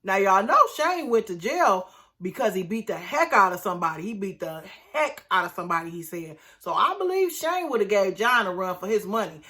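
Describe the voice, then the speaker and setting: A woman recapping a reality TV episode in casual commentary, animated and outraged, talking straight to her viewers. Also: medium pitch, a little fast.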